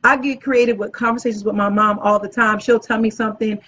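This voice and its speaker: Female event planner, upbeat motivational coach, raised pitch, slightly muffled lo-fi recording. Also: steady tone, fast, fairly bright tone, breathy edge. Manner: enthusiastic, talks with her hands. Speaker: event planner and channel host. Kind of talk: motivational teaching talk to camera.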